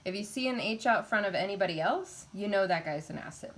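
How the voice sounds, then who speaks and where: A woman's voice: mid-range voice, animated, fast. A woman teaching a college chemistry class in a casual, chatty way, with frequent filler words and laughing asides.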